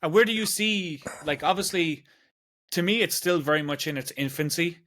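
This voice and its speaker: A man's voice: fairly high pitch, normal speed, fairly bright tone, dry recording, clean studio sound. A man in his forties with an Irish accent, hosting a casual podcast conversation and rambling along with lots of "like" fillers. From Ireland. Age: 40s. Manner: rambling, chatty, peppers speech with "like". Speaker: podcast host.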